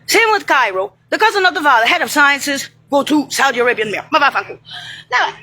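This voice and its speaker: A woman's voice: high voice, animated, fast talker, pushed and bright. A woman in a heated, rambling monologue, swearing and dropping Italian phrases as she talks.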